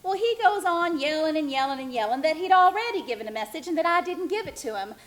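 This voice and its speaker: A middle-aged woman telling her own life story as a theatrical one-woman monologue, expressive and wistful. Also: high-pitched, quick pace, low-quality recording. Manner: expressive, wistful, self-reflective. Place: stage.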